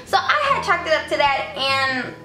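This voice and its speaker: A woman's voice: sits high, big pitch swings, normal speed, pushed and bright. A young adult woman telling a casual storytime, chatty and repetitive, leaning on "like" as a filler. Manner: chatty, repeats herself, fills with "like". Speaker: vlogger. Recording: roomy echo, faint background music.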